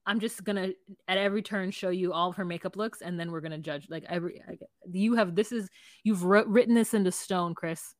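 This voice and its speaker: A woman co-hosting a podcast in casual chat, blunt and sassy, quick to criticize. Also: on the low side, no echo. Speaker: podcast co-host.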